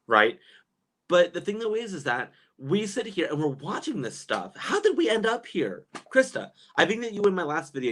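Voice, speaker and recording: A man in his thirties hosts a casual livestream, reading out chat comments. His voice is fairly high-pitched, and he's animated and chatty, with lots of fillers and laughter.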